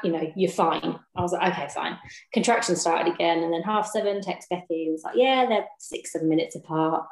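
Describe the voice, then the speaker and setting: Brit woman telling a story all animated and laughing, kinda echoey room. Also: on the low side. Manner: lively, laughs often, acts out dialogue. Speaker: guest telling her birth story. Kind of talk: casual storytelling chat. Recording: roomy echo.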